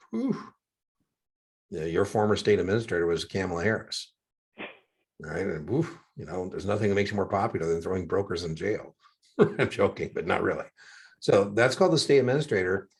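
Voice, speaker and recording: Older male tutor, low husky voice, chatty storyteller, video call sound. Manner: chatty, jokey asides. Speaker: exam prep tutor. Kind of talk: one-on-one tutoring session.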